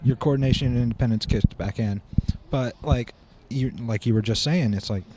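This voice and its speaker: A man of middle pitch chats casually on a podcast, a drum teacher telling stories with energy. He slips into the voices of the people he quotes as the story goes along. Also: fairly quick, noisy background. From Seattle, Washington. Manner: animated storyteller who acts out quoted speech. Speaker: podcast guest, drum instructor.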